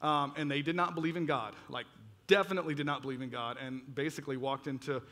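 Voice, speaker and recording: Bright-voiced man preaching in an echoing hall. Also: on the high side, fast. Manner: animated storytelling, acts out his own past reactions. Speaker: pastor. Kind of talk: sermon testimony. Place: church auditorium. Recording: long reverb of a large hall.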